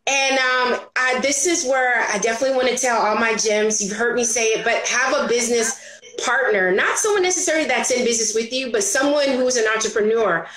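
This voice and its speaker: Animated woman entrepreneur, high and bright, casual guest chat in a roomy space. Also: a little fast. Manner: animated, acts out her own and others' quotes with laughs. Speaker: entrepreneur guest on a business talk show. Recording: roomy echo.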